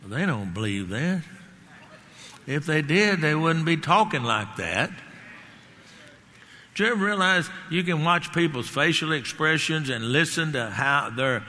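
Slow, bright-voiced preacher in a reverberant hall. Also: male voice, on the high side, lively intonation. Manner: emphatic preaching, repeating key words, rising on lines of scripture. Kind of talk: sermon.

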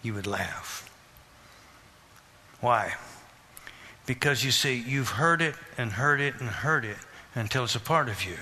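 A man preaching a sermon, questioning the congregation and repeating phrases in a steady rhythm. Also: medium pitch, a little slow, long pauses, slight background noise. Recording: reverberant hall.

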